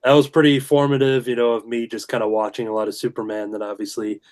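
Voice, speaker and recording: A man with an everyday mid-range voice, talking casually as a guest on a video call. He tells his stories in a loose, rambling way, stopping to restart and filling pauses with "uh" and "um.". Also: mid-range voice, little pitch movement, a little mellow. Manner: rambling storytelling with many fillers and restarts. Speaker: guest comic creator. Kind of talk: casual chat.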